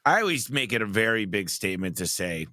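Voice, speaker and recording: Bright-voiced man hosting a podcast. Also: lowish voice, big pitch swings, a little fast, dry recording, studio quality. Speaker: podcast host. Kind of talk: casual podcast conversation.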